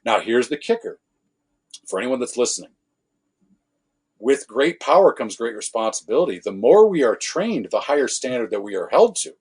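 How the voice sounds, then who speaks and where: Husky-voiced man telling cop stories. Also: mid-range voice, moderate pace. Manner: animated anecdotes with acted quotes, self-correcting swears. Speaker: podcast guest, former law enforcement officer. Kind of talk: casual storytelling conversation.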